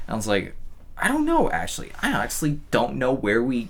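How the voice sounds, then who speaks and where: A man co-hosting a podcast in casual chat, an animated storyteller who laughs often. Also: fairly low pitch, brisk. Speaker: podcast co-host, film crew member.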